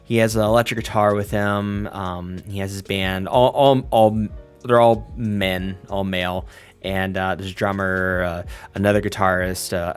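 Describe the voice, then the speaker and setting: A man narrating a tabletop role-playing game as game master, halting often to search for words. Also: low-pitched, clear, resonant tone. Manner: halting, full of fillers and restarts.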